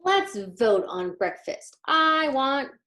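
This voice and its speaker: A bossy little girl with a high, pushy voice, as a woman reading aloud puts her on. She speaks slowly and firmly, leaning hard on each word. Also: big pitch swings, pushed and bright, heavily acted. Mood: insistent.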